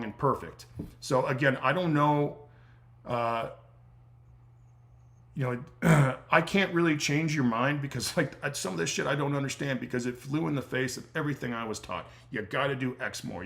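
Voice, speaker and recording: A middle-aged strength coach hosts a casual livestream Q&A in a mid-range, fairly bright voice. He's blunt and swears freely, getting fired up and emphatic even as he's losing his voice.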